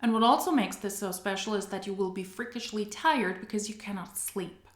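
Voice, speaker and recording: A woman's voice: mid-range voice, a little fast, reverberant. A woman giving sarcastic reaction commentary, mocking what she plays with dry asides. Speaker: commentary video creator.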